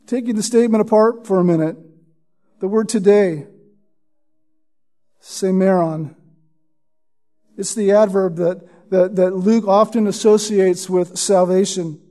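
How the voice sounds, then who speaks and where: A man preaching a sermon as pastor, teaching through scripture and sinking to a hushed tone when he quotes. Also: sits high, fairly even intonation, measured pace, pauses often.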